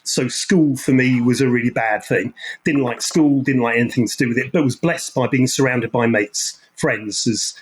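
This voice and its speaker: A man's voice: mid-range voice, normal speed, slightly rough, low-quality recording. A man in his sixties with a London accent, a podcast guest telling his life story over a remote call in an earnest, reflective way, often restarting his sentences. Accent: London English. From London, England. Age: 60s. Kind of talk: interview storytelling.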